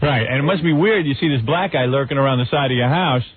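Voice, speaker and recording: A male radio host interviewing a caller, prodding and teasing him with quick-fire questions. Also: mid-range voice, husky, no room sound. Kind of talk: provocative radio banter. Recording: tinny phone-like sound.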